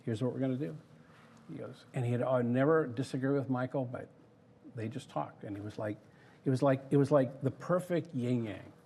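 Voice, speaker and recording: A man's voice: mid-range voice, normal speed, slight background noise. An older man, a former theme park designer, telling anecdotes in a casual interview and acting out what other people said. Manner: lively storyteller who acts out others' words.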